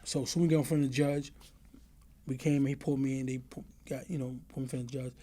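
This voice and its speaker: A man's voice: mid-range voice, steady tone, fast talker, dark tone. A middle-aged man telling stories from his past in an interview, acting out the voices of the people in them and often asking "you know what I mean". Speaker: interview guest. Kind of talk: casual storytelling.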